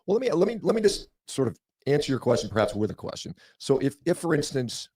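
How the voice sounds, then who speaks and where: A man's voice: medium pitch, sing-song, fast, a little mellow, slightly rough. A man, a doctor, replying in a debate with hedges, restarts and many "I mean"s.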